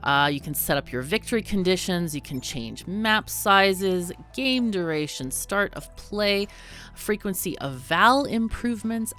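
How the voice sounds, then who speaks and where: A woman's voice: lowish voice, fairly bright tone. A woman hosting a let's play, giving chatty, bubbly commentary on a game and laughing often. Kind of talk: casual gameplay commentary.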